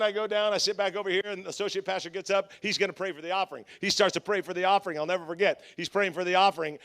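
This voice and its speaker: A male pastor preaching a conference sermon, telling a story with lively, animated delivery and acted-out voices. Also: high-pitched, vocal fry.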